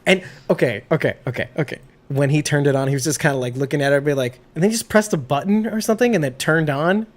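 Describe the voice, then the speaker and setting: A woman co-hosting a podcast in casual chat, animated and jokey, often breaking into laughter. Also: low voice, quick pace. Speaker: podcast co-host.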